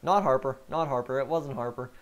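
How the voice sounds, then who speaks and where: A man from Canada giving casual live-stream commentary on a video game, chatting with his viewers and getting excitable at times. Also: mid-range voice, a little fast.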